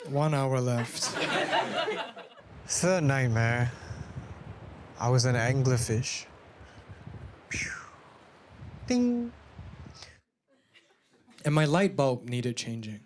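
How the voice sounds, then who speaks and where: A man performing a stand-up comedy set, animated and bursting into shouted punchlines. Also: medium pitch, slow, long pauses, slight background noise. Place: comedy venue with a live audience.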